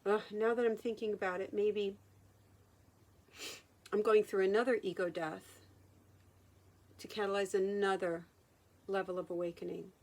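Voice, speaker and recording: A woman hypnotherapist speaking in a personal vlog monologue, halting and reflective, often restarting her sentences. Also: mid-range voice, fairly even intonation. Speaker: hypnotherapist and channeler.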